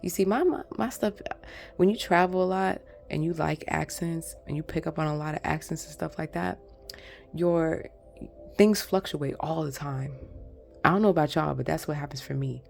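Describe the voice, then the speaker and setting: A woman reads tarot cards for her viewers in a loose, rambling, chatty way. Her voice sits low and has a gravelly fry to it. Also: steady tone, normal speed, soft background music. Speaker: tarot reader. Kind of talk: casual pick-a-card tarot reading.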